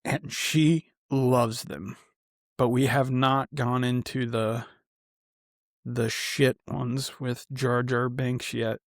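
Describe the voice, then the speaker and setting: A man's voice: mid-range voice, little pitch movement, slow, dry recording, clean studio sound. A man co-hosting a podcast in casual chat, laid-back and enthusiastic. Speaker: podcast co-host.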